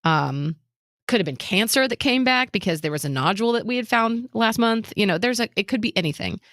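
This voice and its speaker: A woman's voice: fairly high pitch, fairly quick, no echo, studio quality. A woman co-hosting a casual talk show, telling a personal story and acting out what other people said, with nervous laughs. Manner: animated retelling that acts out other people's lines, with nervous laughs. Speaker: podcast co-host.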